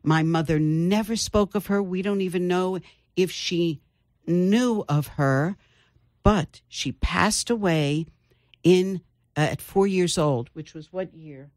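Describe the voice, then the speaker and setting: A woman's voice: on the low side, a little mellow, no echo. Older woman, author guest, storytelling, dry close sound. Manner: storytelling, thoughtful with pauses. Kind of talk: interview conversation.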